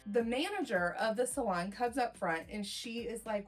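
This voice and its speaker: Telling a client story storytime-style, a young hairstylist chats and rambles, performing each quote in animated voices. Her fairly high voice moves at normal speed, faint music behind her.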